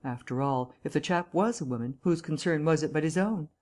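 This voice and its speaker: A woman narrating an audiobook in a measured, even storytelling manner. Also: low voice.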